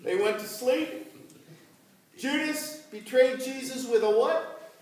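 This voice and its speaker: A man preaching as pastor, telling the story slowly and asking his congregation questions. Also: very high-pitched, darkish tone. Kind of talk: sermon. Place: church. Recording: echoey church from far off.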